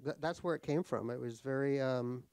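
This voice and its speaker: Speaking at a moderate pace, this middle-aged New Yorker has a medium-pitched, slightly mellow, smooth voice, captured close and dry with no room sound. As an author guest on stage at a cultural center's live talk, he rambles through funny self-deprecating stories, full of ums and restarts, wryly chuckling at his own jokes.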